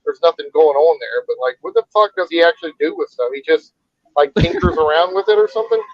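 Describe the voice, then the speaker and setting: A man's voice: on the high side, quick pace, no echo. Man, co-host, crude swearing storyteller, bone-dry and muffled call audio. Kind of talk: casual chat.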